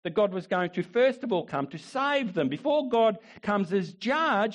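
A male pastor preaching a sermon with emphatic repetition, swinging between rising declarations and quiet asides. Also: sits high, big pitch swings, a little slow. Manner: emphatic preaching, repeats phrases, rises and drops in volume.

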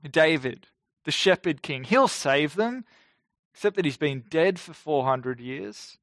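A man's voice: a little high, animated, a bit bright, no echo. Male preacher with a dry close sound. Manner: measured, emphatic delivery with slowed key phrases. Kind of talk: sermon.

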